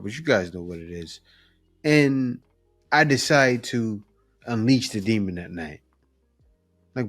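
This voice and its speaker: A man hosting a reaction video, giving blunt, emphatic commentary with chuckles. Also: medium pitch.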